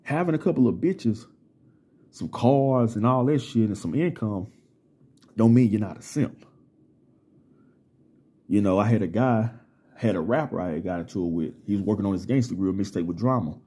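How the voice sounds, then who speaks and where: A man lectures his audience in a casual vlog monologue, streetwise and full of profanity. His voice sits low and sounds dark and mellow. It has a husky, slightly rough grain. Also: normal speed, pauses often. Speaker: vlogger.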